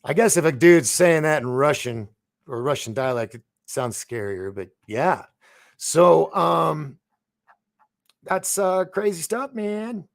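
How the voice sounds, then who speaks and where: Gravelly man reading news on a live stream. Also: on the high side, very animated, no echo. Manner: reads news aloud haltingly, stumbles on names, chats with viewers. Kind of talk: casual live-stream commentary.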